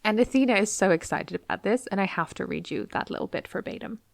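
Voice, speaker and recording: Woman podcast host, casual retelling, playful character voices, mid-pitched, close dry sound. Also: expressive, quick pace, gravelly, no room sound. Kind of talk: casual storytelling retelling of a book.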